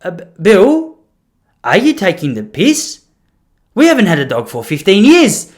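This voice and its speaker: A man's voice: high voice, wildly swooping pitch, a little slow, voice pushed up, heavily acted. A man voicing a blunt old grandmother who scolds her forgetful husband. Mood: exasperated.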